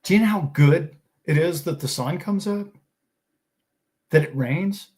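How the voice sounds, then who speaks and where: A man's voice: on the high side, a little slow, darkish tone. Fired-up man preaching optimism. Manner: enthusiastic, preachy, rhetorical questions. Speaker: host of a finance and crypto show. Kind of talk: casual motivational talk.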